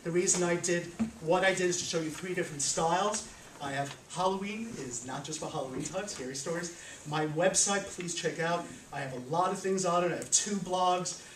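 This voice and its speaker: An animated man tells a folk tale to a room of listeners, chuckling as he goes. He sounds set back from a small camera, with the room's echo around his voice and a faint hiss under it. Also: sits high, a little fast. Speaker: storyteller. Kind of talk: live storytelling to an audience. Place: room with a live audience. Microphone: small handheld camera from afar. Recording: roomy, from a distance.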